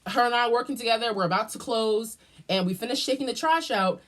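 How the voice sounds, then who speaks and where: A woman vlogger telling a story in a casual, profane and dramatic way, jumping up and down in pitch. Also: fast. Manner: animated, profane and dramatic, with big jumps in pitch.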